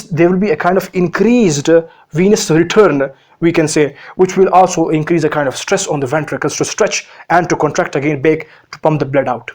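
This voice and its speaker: Man, somewhat high-pitched, medical lecture, explanatory, rhetorical questions, fillers and repeats. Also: darkish tone. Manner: explanatory, asks himself questions and answers them; frequent fillers and repetitions. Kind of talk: recorded physiology lecture.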